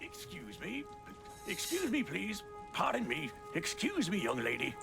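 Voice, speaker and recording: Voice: medium pitch, huge pitch swings, measured pace, gravelly, exaggerated voice. A man voicing a pompous crab historian in a game, talking in grand exclamations. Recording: game audio with music behind.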